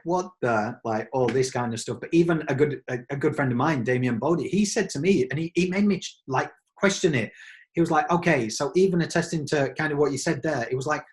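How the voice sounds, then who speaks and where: A man from England with an English accent hosting a podcast, talking in an enthusiastic, rambling way. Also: mid-range voice. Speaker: podcast host. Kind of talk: casual chat.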